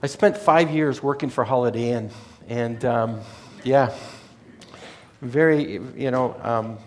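A man speaks slowly at a medium pitch while relating a personal story. It's casual and rambling, full of detours and corrections of his own words.

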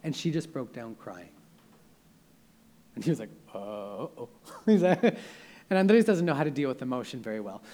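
A man's voice: medium pitch, very animated, normal speed, pauses often, dark tone. A young man preaching a sermon in an earnest, conversational way, often restarting his sentences.

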